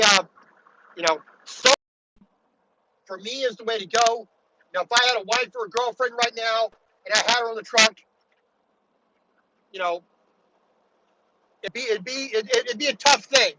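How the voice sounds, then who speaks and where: A man from Baltimore, a truck driver, chatting casually while driving, rambling with many restarts and "you know"s. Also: extremely high pitch. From Baltimore, USA. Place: in a truck cab on the road. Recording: loud road and engine noise in a truck cab.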